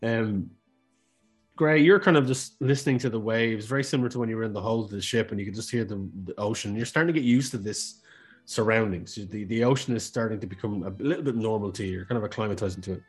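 A man's voice: fairly low pitch, fast, slightly rough, soft background music. A man narrating as game master in a casual way, with restarts and the odd swear word.

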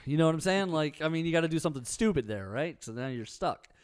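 A man co-hosting a podcast, telling animated stories in casual chat. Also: a little high, fast talker, clear, resonant tone, no echo, clean studio sound. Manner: animated storyteller. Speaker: podcast co-host.

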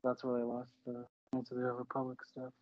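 A man's voice: medium pitch, monotone, fast talker. A man co-hosting a podcast, chatting casually in a rambling, hesitant way that repeats its starts, on a muffled lo-fi recording. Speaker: podcast co-host. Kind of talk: casual chat.

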